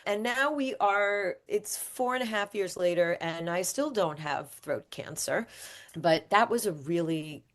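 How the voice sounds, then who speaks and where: Animated woman telling a personal story. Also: fairly low pitch, a little slow. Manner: animated, acts out quoted speech. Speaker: guest, author. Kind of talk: candid interview storytelling.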